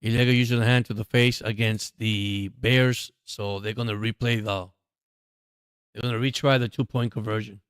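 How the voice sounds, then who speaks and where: A man hosting a livestream, chatting casually and getting excited as he reacts to a football game. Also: fairly low pitch, moderate pace, clear, resonant tone, dry recording, studio quality. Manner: chatty, excitable during plays. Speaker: livestream host. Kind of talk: casual live game commentary.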